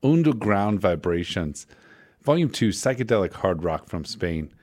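A man's voice: sits low, big pitch swings, unhurried, darkish tone. A man working as a radio DJ, back-announcing records in a casual, rambling way, often correcting himself and making wry asides.

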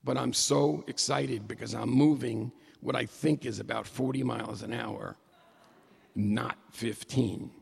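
A middle-aged man telling a humorous personal story to an audience, animated and excitable, with jokey asides. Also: mid-range voice, a little slow, gravelly, breathy edge, in a large hall.

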